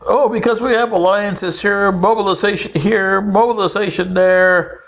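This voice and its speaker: A man's voice: high-pitched, fairly even intonation, moderate pace, vocal fry, a bit bright. A man, older, giving a rambling history monologue with sarcastic, mocking asides.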